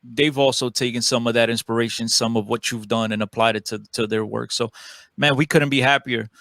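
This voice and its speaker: A man's voice: mid-range voice, steady tone, fairly quick, vocal fry, a bit bright, dry recording. A man with a Portuguese accent co-hosting a podcast, talking in a friendly, rambling way with many restarts. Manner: friendly, repetitive, restarts words. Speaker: podcast co-host. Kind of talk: casual podcast chat.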